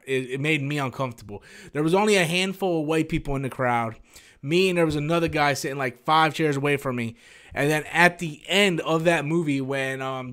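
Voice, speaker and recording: A man with a slightly high voice hosts a casual live-stream Q&A, rambling animatedly through viewer questions and swearing freely.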